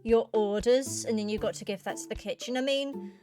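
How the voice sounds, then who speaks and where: A woman's voice: on the high side, fairly quick, mellow, faint music behind. A woman reading a visual novel aloud and chatting through it with rambling asides. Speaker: gaming YouTuber. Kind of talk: let's play, reading the game aloud with commentary.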